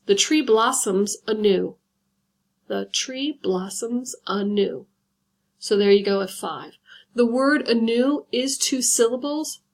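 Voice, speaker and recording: A woman teaching a class in a fairly high voice. She explains patiently and step by step, and she slows down whenever she counts things out. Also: gravelly. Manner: patient, instructive, guides step by step. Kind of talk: recorded classroom lesson.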